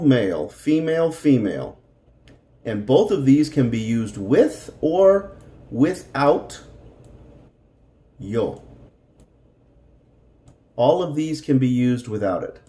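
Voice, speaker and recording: A man's voice: medium pitch, warm tone, echoey room. A middle-aged man teaching a Spanish lesson, patiently explaining grammar and repeating words for practice.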